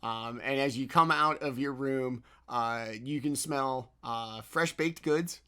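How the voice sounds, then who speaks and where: A man's voice: medium pitch, slow, pushed and bright, smooth. A man narrating as game master in a tabletop game, in a loose, rambling manner full of fillers.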